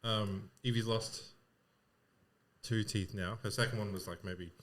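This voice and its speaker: A man co-hosting a podcast in casual chat, joking dryly and firing quick questions. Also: lowish voice, steady tone, fairly bright tone, a little hiss or hum. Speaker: podcast co-host.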